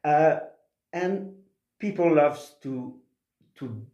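A man's voice: on the high side, lively intonation, dark tone, reverberant, dull audio. A man with a Québécois French accent, a native French speaker and opera singer, speaking in an interview with many hesitant restarts. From Quebec. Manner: halting, many restarts and fillers. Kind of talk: interview conversation.

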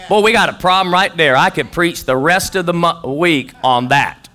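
High, bright-voiced preaching man. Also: normal speed. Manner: energetic, joking, call-and-response with the congregation. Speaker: pastor. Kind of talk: sermon. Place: church sanctuary.

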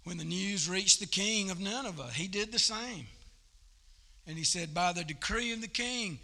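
A man preaching a sermon at a church service, telling the story in a folksy, animated way. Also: high voice, moderate pace. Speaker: pastor.

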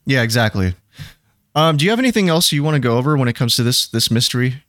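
A man's voice: medium pitch, lively intonation, quick pace, fairly bright tone. Joking male podcast co-host. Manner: joking, conspiratorial, swears casually. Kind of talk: casual podcast chat.

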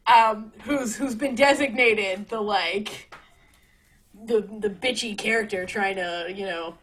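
A woman's voice: mid-range voice, takes it slowly, a bit bright, husky, rough recording. A young woman hosting a podcast, chatting casually and animatedly, laughing and swearing as she acts out quotes. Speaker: podcast host. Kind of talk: casual chat.

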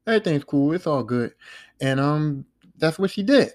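A man with a voice a touch higher than most talks through a series on his podcast. His retelling is loose and slangy, full of swearing, and he keeps slipping into the characters' lines as he tells it. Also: lively intonation, moderate pace, a little mellow. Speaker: podcast host. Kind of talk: casual show recap.

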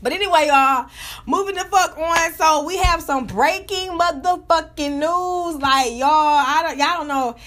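A high-voiced woman with a Southern US accent talks fast and loose, piling up profanity and restarting her sentences as one thought tumbles into the next. Her casual commentary races along in quick, rambling bursts. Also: fairly bright tone. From Georgia, US South. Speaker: vlogger reviewing rap tracks.

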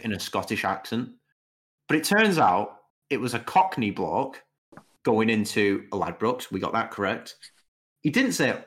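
A young man co-hosting a casual podcast, his voice bouncing up and down in pitch. He rambles and hesitates, padding his story with filler as he goes. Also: big pitch swings, a little slow, fairly bright tone. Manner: rambling, hesitant, many "you know"s. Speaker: podcast co-host. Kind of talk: casual chat.

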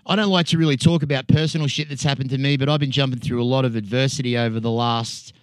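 A man's voice: medium pitch, steady tone, quick pace, no echo. A man hosting a podcast in a small studio, talking candidly and casually with his guests. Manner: candid, self-deprecating, frequent "yeah". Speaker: podcast host. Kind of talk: casual interview chat.

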